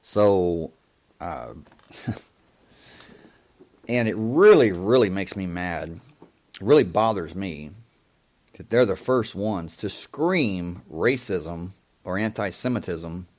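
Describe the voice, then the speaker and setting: A man hosting a live show monologue, halting and full of ums and restarts, with an indignant, emphatic way of talking. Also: deep voice, expressive, a little mellow. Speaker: host.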